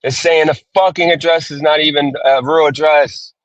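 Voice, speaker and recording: A man's voice: a little high, steady tone, normal speed, no room sound. A man livestreaming from his car as a gig worker, ranting, cursing and repeating himself in frustration. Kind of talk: frustrated live-stream rant. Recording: dull dry phone audio.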